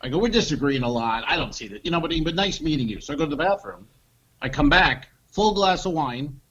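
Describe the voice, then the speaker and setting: A man co-hosting a comedy podcast, telling an animated story and acting out the voices of the people in it. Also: a little high, fairly quick, dull audio. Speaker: podcast co-host.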